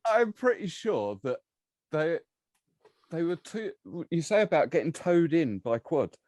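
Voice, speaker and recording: A man's voice: on the high side, big pitch swings, darkish tone, no room sound. A man hosting a podcast, chiming in with laughs and comments during casual chat. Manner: slow, laughing interjections. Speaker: podcast host.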